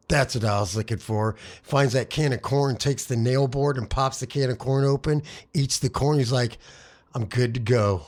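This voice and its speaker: Man, podcast cohost, swearing, comic storytelling. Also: medium pitch. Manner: profane, laughing. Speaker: podcast co-host.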